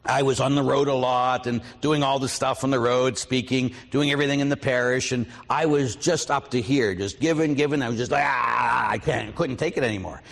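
Priest telling stories in a reverberant hall. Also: male voice, mid-range voice, a little fast, few pauses. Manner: storytelling, lively quoted voices, asks audience questions. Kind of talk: parish mission talk.

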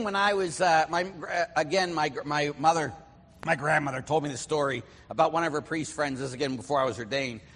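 A middle-aged priest from Pittsburgh preaching in a loose, storytelling way, his voice sitting a bit high for a man. He breaks into the voices of the people in his anecdotes. The sound rings with the long reverb of a big church. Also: fairly bright tone. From Pittsburgh, USA. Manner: storytelling, acts out voices, chatty with fillers. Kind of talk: conversational sermon.

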